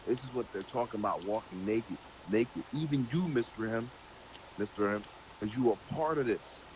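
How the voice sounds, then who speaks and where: Low-voiced man leading casual Bible talk. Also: normal speed, a little hiss or hum, rough recording. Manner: animated, draws everyday parallels, many fillers. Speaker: Bible study host. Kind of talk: casual group Bible study chat.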